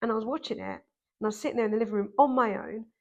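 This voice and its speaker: A woman, a podcast guest telling a personal story in an animated, emphatic way. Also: on the high side, rapid-fire, lo-fi sound. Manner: animated, emphatic, acts out quoted voices. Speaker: podcast guest, dancer and author.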